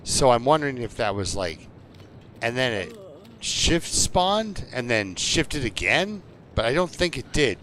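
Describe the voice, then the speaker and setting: A man's voice: mid-range voice, sing-song, bright, forceful tone, a little hiss or hum. A man streaming a survival game, chatting and telling stories at a rambling pace with lots of fillers. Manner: slow, rambling storytelling with many fillers. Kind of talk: relaxed gameplay commentary.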